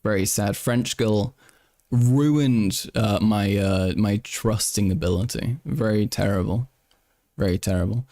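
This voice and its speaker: A man's voice: on the low side, measured pace, mellow, no room sound, studio quality. A man live-streaming casual commentary, joking and swearing as he reacts to a video. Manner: joking, swearing, switches into mock French.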